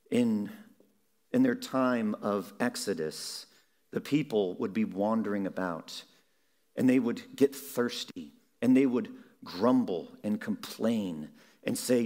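A man preaching a sermon in a measured way, slowing down on key words for emphasis. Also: fairly low pitch, lively intonation, dark tone.

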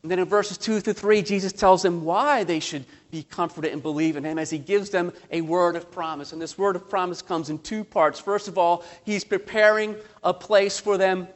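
A man preaching a sermon as pastor, slowing down for emphatic lines, asking rhetorical questions, surging in loudness and adding self-deprecating humor. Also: high-pitched. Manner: impassioned preaching with slow emphatic phrases and sudden surges in loudness.

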